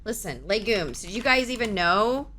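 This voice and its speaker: Excitable, foul-mouthed woman streamer. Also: medium pitch, normal speed, soft background music. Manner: profane, excitable, reacts to chat aloud. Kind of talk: casual live-stream chat.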